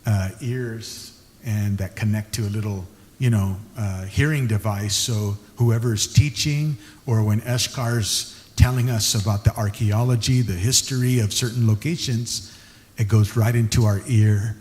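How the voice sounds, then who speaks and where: A man hosting a casual interview conversation, talking in a chatty way and describing himself as someone who can get loud. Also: lowish voice, steady tone, unhurried, long reverb tail.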